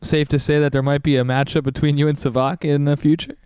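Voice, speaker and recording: Man interviewer with a very smooth voice. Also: a little high, little pitch movement, fast talker, darkish tone, dry recording. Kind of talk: interview questions. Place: fight gym.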